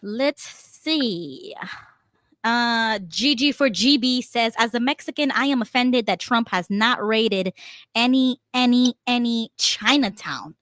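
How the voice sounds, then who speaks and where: Chatty higher-voiced woman co-host. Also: slow pace, fairly bright tone, dry recording. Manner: chatty, laughs often, reads viewer comments. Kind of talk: casual political chat.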